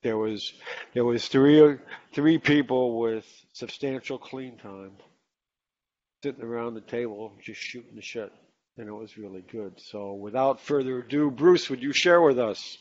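Relaxed man chairing a meeting. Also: mid-range voice, unhurried, lo-fi sound. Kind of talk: casual meeting introduction.

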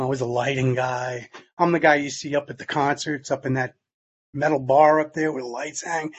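A man's voice: mid-range voice, husky, highs cut off. Older man telling his recovery story. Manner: conversational storytelling, acts out quoted dialogue. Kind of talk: personal testimony talk.

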